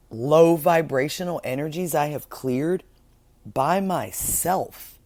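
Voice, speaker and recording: A woman's voice: low voice, darkish tone. A woman hosting a spiritual podcast monologue, talking fervently and self-assuredly, swearing heavily and repeating words for emphasis. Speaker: podcast host.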